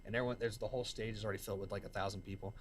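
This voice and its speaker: A man from the American South tells stories in casual slang as an interview guest; he's a musician and entrepreneur. He's an excitable storyteller who keeps saying "man" and "dude." His voice is fairly low and he talks at a racing speed.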